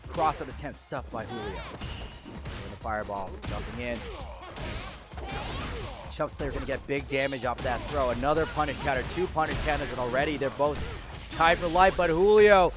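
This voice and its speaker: A man giving play-by-play commentary at a fighting game tournament, getting excited and shouting at big moments. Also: medium pitch, moderate pace. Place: gaming venue. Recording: music clearly underneath. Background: music.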